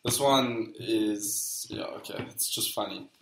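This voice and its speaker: A man's voice: lowish voice, slow pace, fairly bright tone, echoey room, poor audio. A man co-hosting a football podcast, playfully reading quiz quotes to his friend in casual chat. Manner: playful, reads quotes aloud. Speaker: podcast co-host, quiz master.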